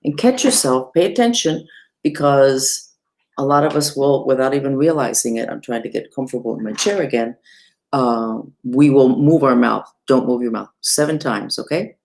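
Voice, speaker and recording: Chatty, expressive woman teaching meditation. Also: moderate pace. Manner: chatty and expressive, with wide swoops in pitch; self-deprecating asides. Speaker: spiritual teacher. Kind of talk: casual online teaching of mantras and mudras.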